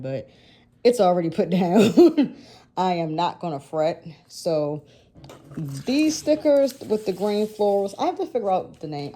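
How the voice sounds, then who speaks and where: A woman in her thirties talks through her planner decorating in a loose, rambling way, often correcting herself and laughing between thoughts. Her voice sits low and mellow, and the whole thing feels like an easygoing chat. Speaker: planner vlogger. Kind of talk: casual chatty vlog narration.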